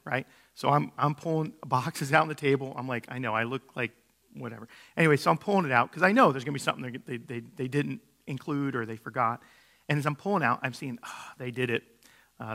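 A man's voice: mid-range voice, fairly bright tone. A middle-aged man preaching a sermon, telling stories in a casual way, with many fillers and restarts. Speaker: pastor.

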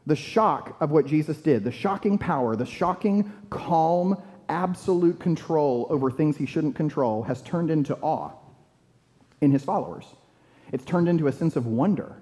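A man preaching a sermon in a lively, conversational way, acting out the disciples' panic. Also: on the high side, moderate pace. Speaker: pastor. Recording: long hall reverb.

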